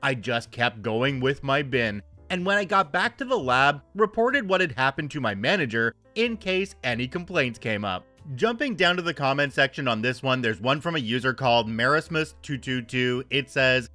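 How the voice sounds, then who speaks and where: A man's voice: mid-range voice, expressive, moderate pace, hardly any pauses, bright, forceful tone, dry recording, faint music behind. A man in his thirties reading online stories aloud and commenting with wry, joking asides. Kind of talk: casual story narration and commentary.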